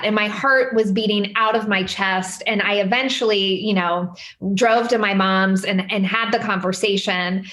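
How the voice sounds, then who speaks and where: A woman in her forties telling personal stories as a podcast guest, animated, with lots of fillers and sudden high quoted voices. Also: moderate pace, hardly any pauses. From Midwestern United States. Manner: animated, many fillers, jumps up in pitch quoting others. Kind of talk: candid conversational storytelling. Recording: roomy echo.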